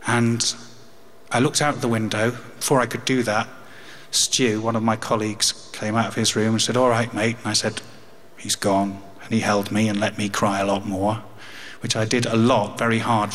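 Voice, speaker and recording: A man's voice: fairly low pitch, level tone, moderate pace, a bit bright. An English man in his fifties telling a personal story, with wry humour and grief. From England. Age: 50s. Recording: long hall reverb.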